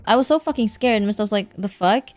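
A young woman from Indonesia, a streamer telling a story in casual chat, rambling with lots of fillers and swearing freely, animated and laughing through her words. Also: mid-range voice, quick pace, no room sound.

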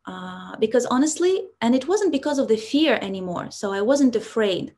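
A woman's voice: fairly high pitch, animated, normal speed, creaky, hardly any pauses, warm tone. A young woman with a Russian accent, a public speaking coach telling a personal story in a presentation, earnest and reflective, with many "so" and "like" fillers.

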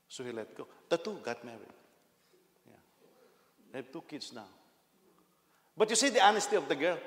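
Pastor preaching in an echoey hall. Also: male voice, mid-range voice, very animated, moderate pace, long pauses, a bit bright. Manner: storytelling, laughs at his own anecdotes, acts out quotes. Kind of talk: sermon. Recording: echoey hall with long reverb.

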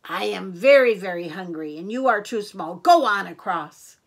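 An older woman voicing a big, hungry male troll in a storybook, roaring her lines slowly and loudly. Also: mid-range voice, animated, gravelly. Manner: roaring, drawn-out and loud.

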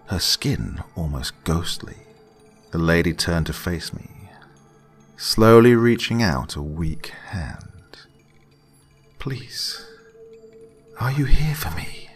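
Very deep, slow male horror narrator. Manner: dramatic, dropping to hushed whispers.

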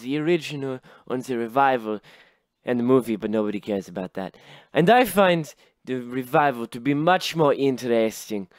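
A man's voice: on the high side, no echo. A man hosting a casual vlog, summing up a musical in a sarcastic, jokey way. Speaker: host.

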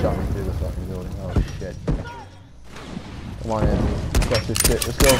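A man's voice: deep voice, steady tone, normal speed, long pauses, very noisy. A man giving panicky, mock-dramatic let's play commentary, swearing as he plays. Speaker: gamer. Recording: loud gunfire game audio behind.

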